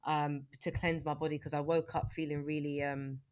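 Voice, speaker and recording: A woman, co-hosting a podcast in casual, animated chat. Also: sits low, normal speed. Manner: animated, laughs easily. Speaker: podcast co-host. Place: remote call.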